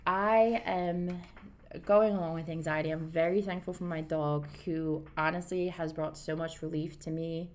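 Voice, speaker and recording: A woman's voice: low-pitched, fairly even intonation, moderate pace, a little mellow. A woman in her thirties co-hosting a casual podcast, talking earnestly and rambling with restarts. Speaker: podcast co-host. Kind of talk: casual chat.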